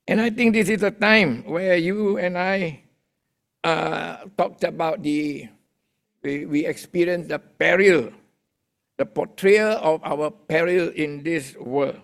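Man, sermon delivery; somewhat high voice with gravel, conversational, addresses the congregation directly. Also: slow. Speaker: pastor.

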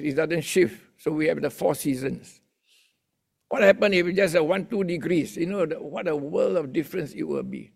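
Gravelly man preaching. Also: a little high, darkish tone. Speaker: pastor. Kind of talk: sermon.

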